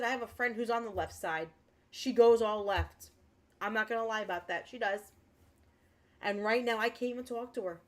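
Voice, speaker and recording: A woman livestreamer chatting with her viewers, speaking in an impassioned, earnest way. She is emotional and close to tears, and she repeats herself as she talks. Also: mid-range voice. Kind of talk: casual livestream chat with viewers.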